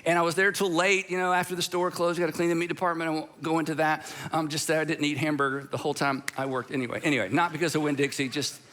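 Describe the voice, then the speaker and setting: Older pastor guy preaching, high bright voice, chatty storytelling with little asides. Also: flat delivery, fast, hardly any pauses. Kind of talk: sermon.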